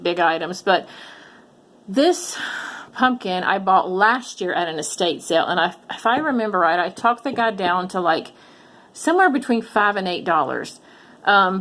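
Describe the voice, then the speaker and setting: A middle-aged woman vlogging about her resale finds and telling a long story in a casual, animated way, with lots of ums and false starts. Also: fairly low pitch. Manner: chatty, animated retelling with frequent ums and restarts. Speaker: reseller vlogger.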